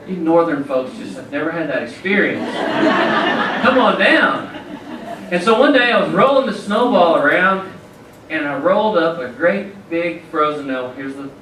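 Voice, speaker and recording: A man's voice: a little high, background noise. Folksy man telling stories in a hall. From Southern US. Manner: folksy, joking, addresses the crowd directly. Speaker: featured event speaker. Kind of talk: storytelling speech to an audience. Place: large event hall indoors. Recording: echoey hall from far off.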